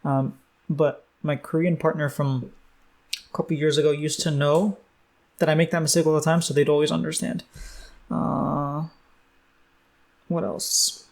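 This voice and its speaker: A man's voice: a little high, level tone, a little slow, vocal fry, long pauses. Chatty man thinking aloud in a lesson. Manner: thinks aloud, many fillers and self-corrections. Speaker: Korean language tutor. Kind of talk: casual self-study lesson.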